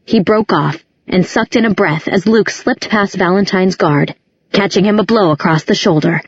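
A woman narrating a novel in a steady, measured reading. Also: medium pitch, husky, dry recording. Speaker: audiobook narrator. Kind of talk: scripted narration. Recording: dull, muffled recording.

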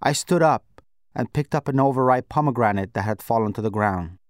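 A man narrating a novel in the first person, in a measured, reflective way. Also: mid-range voice, dry recording, studio quality. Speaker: audiobook narrator. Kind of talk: scripted narration.

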